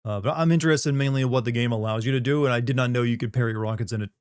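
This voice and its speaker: A man's voice: medium pitch, very fast, clear, resonant tone, no room sound, studio quality. A middle-aged man from the Southern United States chatting casually on a live stream, rambling, joking and reading chat aloud.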